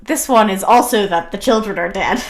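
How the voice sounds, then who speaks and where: A woman co-hosting a casual chat, easygoing and often laughing, reading a theory aloud at a steady clip. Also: medium pitch, moderate pace. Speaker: podcast co-host.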